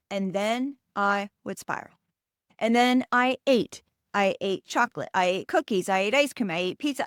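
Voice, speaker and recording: A woman's voice: fairly high pitch, dry recording, studio quality. A woman hosting a podcast, coaching listeners in an emphatic, direct way.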